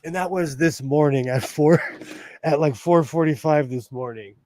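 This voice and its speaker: A man's voice: fairly high pitch, moderate pace, darkish tone, dry recording. A man hosting a casual sewing livestream, chatting and reading comments while he works, laughing often. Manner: chatty, laughs often, reads chat aloud.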